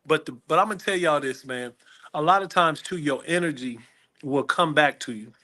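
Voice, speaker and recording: A man's voice: a little high, normal speed. A middle-aged man, a guest comedian, telling stories in a casual interview and acting out the people in them. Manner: animated, acts out the people in his stories.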